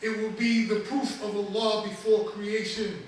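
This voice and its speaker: A man with a high voice gives a sermon as imam, moving from a steady recited opening into emphatic, rising preaching. He is heard from some way off in a big, reverberant mosque hall. A faint hiss sits under the voice. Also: unhurried. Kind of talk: Friday sermon. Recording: very echoey hall, mic from a distance.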